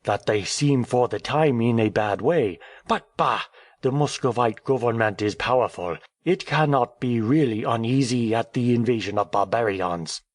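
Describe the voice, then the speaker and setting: A man reading an audiobook, voicing a cheerful, talkative male French journalist who speaks in a brisk, airy, teasing way. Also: medium pitch, dry recording, clean studio sound, lightly acted. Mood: breezy.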